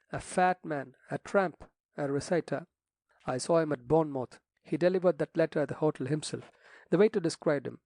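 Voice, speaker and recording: A man voicing an impatient young squire who speaks brisk and direct. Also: fairly high pitch, gravelly, mellow, no echo. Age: young adult.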